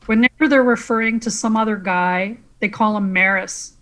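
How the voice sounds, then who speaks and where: A woman from Canada, a guest on a podcast, chatting casually and in an animated way. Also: medium pitch, moderate pace, rough recording. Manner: animated, quotes lines from scenes. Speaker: guest, comedic actress.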